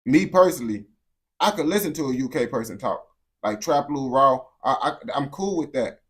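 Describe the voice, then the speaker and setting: A man's voice: mid-range voice, expressive, normal speed. A man giving casual reaction commentary, blunt and profane, full of slang and repeated phrases. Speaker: reaction streamer.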